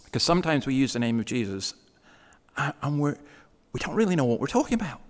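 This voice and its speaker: A man preaching a sermon in a church, talking conversationally and slowing down to stress key words. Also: mid-range voice, very animated, long reverb tail. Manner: conversational preaching, slows for emphasis.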